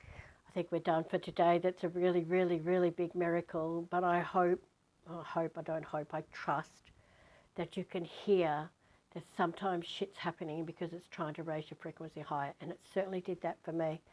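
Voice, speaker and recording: A woman speaks in a fairly low voice as a spiritual teacher in a casual vlog. She tells her story with animated emphasis and repeats words to drive a point home. Her talk is blunt and peppered with casual swearing. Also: normal speed, poor audio.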